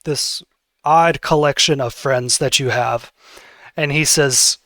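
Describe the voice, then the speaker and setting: A man's voice: mid-range voice, takes it slowly, bright, forceful tone, no room sound, clean studio sound. A man narrating as game master, easygoing and conversational.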